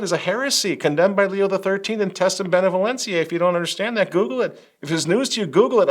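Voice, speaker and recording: A man hosting a religious political commentary, talking emphatically with biting sarcasm and wry laughs. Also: sits high. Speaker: host.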